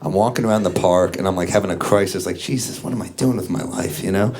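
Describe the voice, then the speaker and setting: A man doing a stand-up comedy set, telling stories in a deadpan way and acting out the quotes. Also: low voice, quick pace. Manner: deadpan storytelling with acted quotes. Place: comedy club stage. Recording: live club set, loud crowd laughter. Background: audience laughing.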